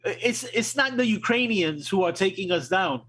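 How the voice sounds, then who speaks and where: Husky higher-voiced guy chatting politics, wry, stumbles over words a bit. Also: lively intonation, normal speed, a bit bright, rough recording. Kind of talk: casual political talk.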